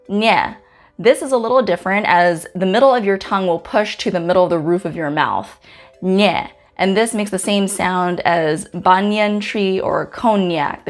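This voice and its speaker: Woman carefully pronouncing letters. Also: medium pitch. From Guam. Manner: slow, careful letter-by-letter pronunciation. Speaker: host teaching the Chamorro alphabet. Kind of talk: scripted pronunciation lesson. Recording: faint music in the background.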